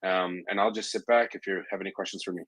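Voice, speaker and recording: Deep voiced guy hosting an online audio room, lots of ums and restarts, dry sound. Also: fairly even intonation, fast talker, a bit bright, breathy edge, no echo, rough recording. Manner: rambling, many fillers and restarts. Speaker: host of a live audio space. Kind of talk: casual live audio chat.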